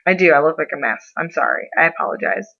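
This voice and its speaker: A young adult woman telling a story in a casual vlog, animated and given to over-the-top dramatizing. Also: deep voice, quick pace, vocal fry. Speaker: vlogger. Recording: slightly muffled lo-fi audio.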